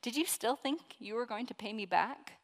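A woman preacher voicing a merciful king from a parable, speaking softly and tenderly in a sermon. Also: fairly high pitch, lively intonation, normal speed, in a large hall, poor audio. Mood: sorrowful tender.

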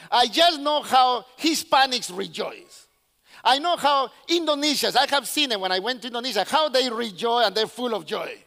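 Man preaching, very high voice, bright tone, long hall reverb, english. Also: vocal fry. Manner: animated storyteller who acts out characters; non-native English with slips. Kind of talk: sermon.

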